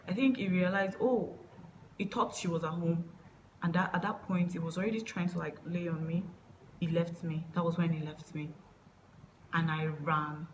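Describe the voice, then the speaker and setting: Lowish-voiced woman telling a halting story. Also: slight background noise, rough recording. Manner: halting, many fillers and restarts. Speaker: vlogger. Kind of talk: personal storytime monologue.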